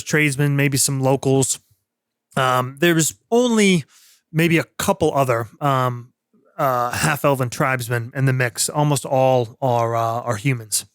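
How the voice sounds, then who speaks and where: A man running a tabletop game as game master, narrating scenes in a relaxed way with frequent pauses. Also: mid-range voice, clean tone, no echo, clean studio sound. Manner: relaxed, hesitant with fillers.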